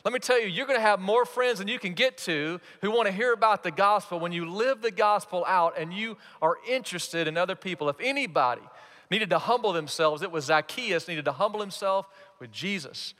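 A man preaching a sermon as pastor, animated and playing out quoted voices. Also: high voice, brisk. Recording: reverberant hall.

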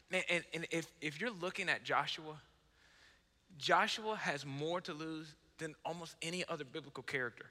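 A man in his thirties, a pastor preaching a sermon, telling stories in an animated way, acting out dialogue and joking about himself. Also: a little high, moderate pace. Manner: animated storytelling, acts out dialogue, self-mocking humor. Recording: long hall reverb.

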